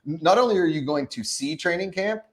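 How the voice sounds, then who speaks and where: A man in his thirties with a slightly high, lively voice hosts a casual live stream at a somewhat fast pace. Upbeat, he hypes up viewers and reads out chat questions.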